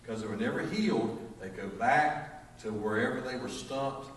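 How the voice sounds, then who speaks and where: A man's voice: mid-range voice, moderate pace. A middle-aged man with a Southern accent preaching a sermon, a folksy storyteller who jokes and acts out voices. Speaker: pastor. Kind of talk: sermon with humorous stories. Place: church sanctuary. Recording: echoey church from far off, faint noise.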